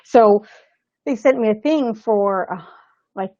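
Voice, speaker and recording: Animated woman telling a story on a dull line. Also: mid-range voice, slow pace, no echo. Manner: animated, acts out the voices of people in her story. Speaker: actor and interview guest. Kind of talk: casual storytelling in an interview. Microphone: remote call setup. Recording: slightly dull lo-fi sound.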